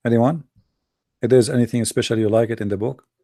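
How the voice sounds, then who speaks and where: A man hosting a debate show, talking off the cuff to his listeners with a gravelly, dark tone. He is emphatic and mocking and says things over again, in a dry, close sound. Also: mid-range voice, fairly even intonation, a little fast, dry recording. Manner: emphatic, mocking, repeats himself. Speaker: host of an online debate show. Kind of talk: casual monologue to a live audience.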